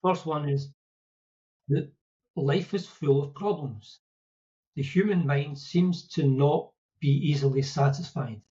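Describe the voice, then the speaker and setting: A man's voice: on the high side, takes it slowly, warm tone, muffled recording. A man with a Scottish accent, explaining ideas in a conversational, storytelling way with quips and asides. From Scotland. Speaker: podcast guest explaining Buddhist ideas. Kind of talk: casual explanatory talk.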